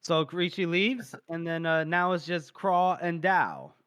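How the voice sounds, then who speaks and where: A man's voice: fairly high pitch, fairly even intonation, a little slow, fairly bright tone, clear, resonant tone, no echo, clean studio sound. A man co-hosting a podcast, casually retelling a book chapter and briefly acting out the characters' lines. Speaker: podcast co-host.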